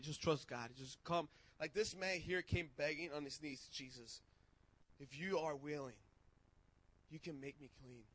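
A man preaching a sermon and telling testimony stories in casual slang, getting excited and shouting as he goes. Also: on the high side, poor audio. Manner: excitable, shouts when worked up; casual street slang, restarts.

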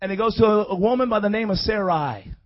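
A man with a very high, light voice preaches a sermon with fervent, rhythmic call-and-response energy. The recording sounds dull and lo-fi, with the top end rolled off. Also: fast.

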